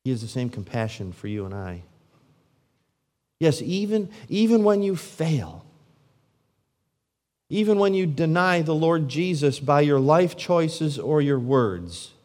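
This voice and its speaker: A pastor delivers his sermon in a somewhat high male voice, firing off rhetorical questions at his listeners. He swings between loud, ringing emphasis and hushed near-whispers. A long reverb trails each phrase, as in a large church sanctuary.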